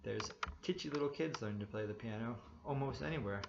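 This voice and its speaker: A man putting on a gravelly, boastful pickpocket. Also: mid-range voice, brisk, echoey room, background noise, close to an everyday voice. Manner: swaggering, slangy, proud. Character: cocky, boastful small man, a quick-fingered pickpocket. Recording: dull lo-fi recording.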